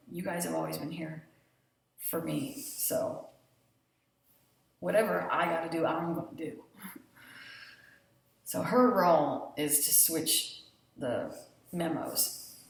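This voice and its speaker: A woman casually recapping a TV episode, animated, blunt and full of swearing. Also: low voice. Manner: animated retelling, profane and blunt. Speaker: TV show reviewer. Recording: very echoey room, distant mic.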